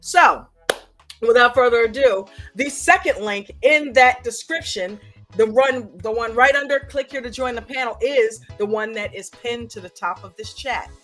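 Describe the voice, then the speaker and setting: A woman hosting a live stream in a chatty, upbeat way, pitching memberships and calling people up to join her. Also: moderate pace, a bit bright, faint music behind. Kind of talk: casual live-stream chat.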